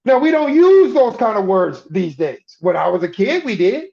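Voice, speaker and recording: Emphatic middle-aged preacher with a high voice; repeats and restarts in sermon chat, dull lo-fi sound. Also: male voice, sing-song, moderate pace, gravelly, hardly any pauses, darkish tone. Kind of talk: conversational sermon.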